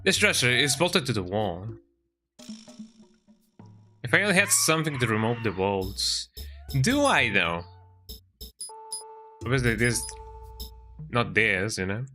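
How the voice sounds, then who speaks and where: A man's voice: mid-range voice, big pitch swings, unhurried, pauses often, bright, forceful tone, soft background music. A man streaming a game, chatting and joking as he plays, reading in-game text aloud and ending lines with "eh?". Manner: chatty, jokey, tags lines with "eh?". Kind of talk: let's-play commentary.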